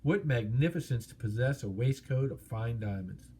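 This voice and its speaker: A man's voice: medium pitch, normal speed, a little hiss or hum, natural voice. A man doing a nervous little hobbit. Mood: flattering. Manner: timid, overly polite flattery. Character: small nervous male hobbit, polite and flattering.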